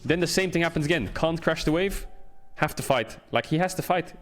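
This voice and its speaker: A man's voice: a little high, brisk, few pauses, a bit bright, soft background music. Fired-up ranting male streamer. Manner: ranting, swearing, emphatic repetition. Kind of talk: casual gameplay commentary.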